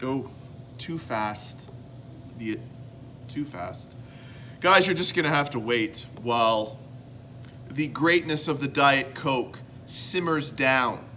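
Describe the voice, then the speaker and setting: A man's voice: medium pitch, lively intonation, slow pace, pauses often, bright, forceful tone, a little hiss or hum. A man from Canada hosting a casual home vlog, rambling and joking at his own expense. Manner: rambling, self-mocking, jokey. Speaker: host.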